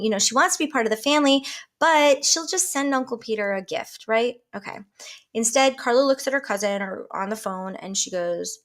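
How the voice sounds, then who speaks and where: A woman giving a coaching talk, lively and conversational, often acting out short example dialogues. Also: fairly high pitch. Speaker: life coach.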